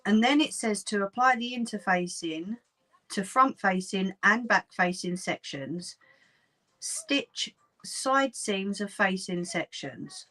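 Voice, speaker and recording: Taking it slowly but sounding animated, a Cockney sewing livestreamer chats to her audience while she works, laughing often. Her mid-range voice is fairly bright, and the audio is poor.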